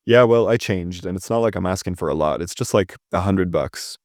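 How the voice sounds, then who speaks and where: Casting: a man voicing a deep-voiced broke young guy, pushy and defensive, read straight. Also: brisk, a little mellow, no room sound, studio quality, close to an everyday voice.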